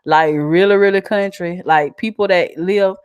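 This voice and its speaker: A woman's voice: lowish voice, moderate pace, darkish tone, smooth, no room sound. A woman with a South Carolina country twang, chatting casually and animatedly as she reads out viewer comments and laughs often. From South Carolina, USA. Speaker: vlogger.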